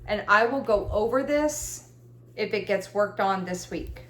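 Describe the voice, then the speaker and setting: At home in a roomy-sounding space, a woman chats casually about her cross-stitch projects, rambling along and laughing at herself. Her medium-pitched voice is animated but a little slow, and there's a faint hiss or hum in the background.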